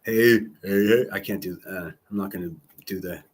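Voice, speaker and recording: A man with a husky, somewhat raspy voice hosts a livestream, swearing freely and jabbing at rivals. His talk is combative and mocking, and it swings loud and quiet as he shouts down enemies and greets chat. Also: low-pitched, fairly even intonation, normal speed. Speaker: livestream call-in host.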